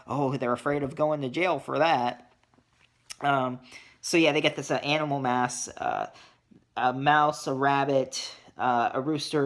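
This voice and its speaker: A reviewer casually recapping a horror movie, dismissive and sarcastic, with many ums and uhs. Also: medium pitch.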